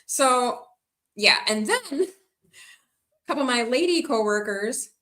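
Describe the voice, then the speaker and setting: Bright-voiced chatty woman streamer. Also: a little high, lively intonation, unhurried. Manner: chatty, rambling, reads out and answers viewer comments. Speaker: livestreaming vlogger. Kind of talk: casual live-stream chat.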